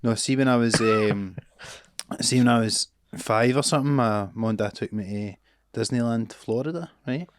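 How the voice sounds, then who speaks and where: A man's voice: medium pitch, moderate pace, no echo, clean studio sound. Scottish man telling a story. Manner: animated storyteller, acts out voices and screams. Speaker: podcast co-host. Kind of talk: casual chat.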